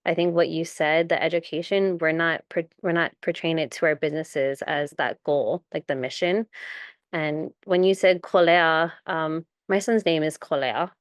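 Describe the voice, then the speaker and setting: A woman's voice: sits low, steady tone, moderate pace, no room sound. A woman who works with entrepreneurs, speaking conversationally and loosely in a discussion. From Hawaii. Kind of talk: casual discussion.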